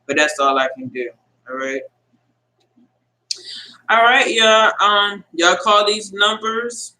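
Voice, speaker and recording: A man with a fairly high, bright, tense voice, talking live to his online viewers in a loose, casual way. His speech is earnest and halting, full of restarts and fillers as he answers the chat. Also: expressive, slight background noise, rough recording. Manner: addresses viewers directly and reads out chat comments. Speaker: livestream host. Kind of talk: casual live-stream sign-off talk.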